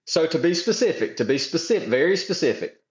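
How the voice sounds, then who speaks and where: A man's voice: fairly high pitch, big pitch swings, quick pace, muffled recording. Folksy South Georgia man, roomy sound. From South Georgia, USA. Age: 40s. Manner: folksy storytelling, drawling slang. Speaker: podcast guest. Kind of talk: casual chat.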